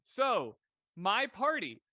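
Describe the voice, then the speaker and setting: A man's voice: high-pitched, wildly swooping pitch, drawn-out words, bright, forceful tone, no echo, studio quality. A man, a dungeon master, recounting a campaign story in a casual chat.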